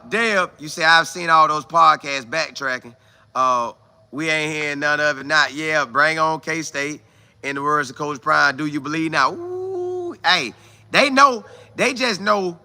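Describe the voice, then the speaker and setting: Animated, bright-voiced man hosting a live stream. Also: on the high side. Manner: animated, exclaiming, repeats phrases for emphasis; talks straight to viewers, calling them y'all. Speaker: live stream host reading viewer comments. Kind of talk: casual live stream chat.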